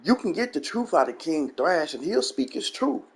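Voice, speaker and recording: A man's voice: fairly high pitch, very animated, moderate pace, gravelly, husky. A man hosting his gaming channel, ranting bluntly and profanely in a commentary monologue and repeating his catchphrases. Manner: blunt, profane, repeats "you know what I'm saying".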